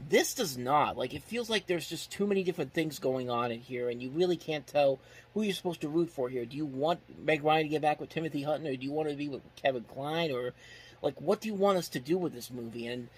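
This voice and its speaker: A man's voice: a little high, brisk, breathy edge. A man hosting a casual movie review, rambling and critical, with lots of fillers and restarts. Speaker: film reviewer and host.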